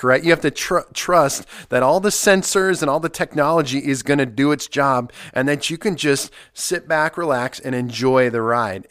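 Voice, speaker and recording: A man's voice: mid-range voice, a bit bright, no room sound, studio quality. A man preaching an earnest podcast sermon, emphatic, with many repeated phrases. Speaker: pastor.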